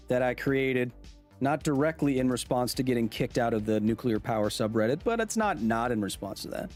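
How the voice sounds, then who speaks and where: A man in his thirties hosts a casual live stream, answering chat in a loose, rambling way with a joking edge. His voice sits at an ordinary middle pitch. Faint music plays underneath. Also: darkish tone. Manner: loose and rambling, with many restarts and fillers; jokey, teasing back at chat. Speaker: host of a science podcast livestream.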